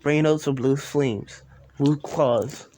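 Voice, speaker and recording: A man's voice: a little high, slow pace, warm tone, slight background noise, rough recording. A man voicing a fierce, protective young woman, the middle sister, in a blunt manner.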